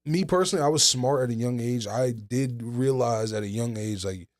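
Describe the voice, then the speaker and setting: A man's voice: mid-range voice, moderate pace. A young man hosting a casual podcast chat into a studio mic, rambling with lots of restarts and fillers. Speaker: podcast host.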